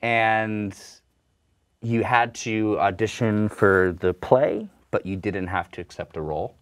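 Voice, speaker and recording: A young man with a very low voice talks easily through an interview. He tells his stories in a relaxed way and jokes at his own expense. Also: takes it slowly. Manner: relaxed, joking storyteller. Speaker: actor and guest. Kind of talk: casual interview chat.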